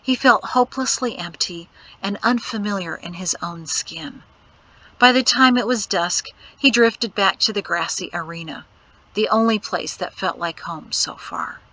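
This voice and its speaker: A woman narrating an audiobook in a measured, expressive storytelling read. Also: medium pitch, poor audio. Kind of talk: scripted narration.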